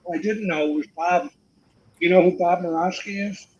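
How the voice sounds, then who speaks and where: An older man, a guest actor, telling profane, animated stories about his career to a live audience and acting out the quotes. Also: sits high, moderate pace, highs cut off. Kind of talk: anecdotal storytelling to a live audience.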